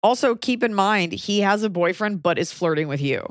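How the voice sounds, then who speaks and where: A young woman co-hosting a podcast and giving casual, blunt advice, often swearing and stacking up quick questions. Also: medium pitch, animated, no room sound, clean studio sound. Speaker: podcast co-host, comedian.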